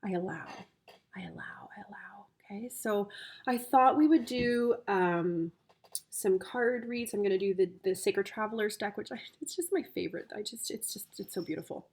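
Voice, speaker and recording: An emotional woman coaching her viewers through a tarot reading. Her voice sits at an average pitch, and her delivery is gushing and heartfelt. She is easily moved, almost tearful. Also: moderate pace, darkish tone.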